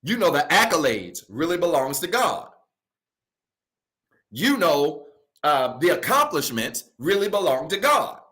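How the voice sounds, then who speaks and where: A male pastor preaching a sermon in a casual, colloquial way, repeating key phrases and swinging from loud emphasis to soft asides. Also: fairly high pitch, sing-song, a little slow.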